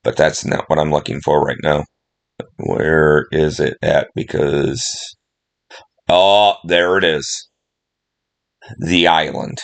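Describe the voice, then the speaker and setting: Middle-aged man, very deep voice, unhurried; rambling casual movie chat, emotional, lots of ums. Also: steady tone, gravelly. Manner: rambling, emotional, chatty with many fillers. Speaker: movie vlogger.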